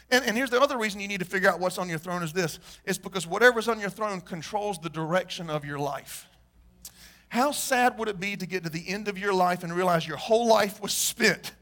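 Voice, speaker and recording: A man preaching a sermon as pastor, emphatic, repeating his questions and often clearing his throat. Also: high voice, a bit bright.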